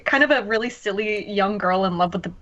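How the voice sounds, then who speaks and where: A woman co-hosting a podcast, chatting in an animated, casual way. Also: medium pitch, brisk, lo-fi sound. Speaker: podcast co-host. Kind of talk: casual chat.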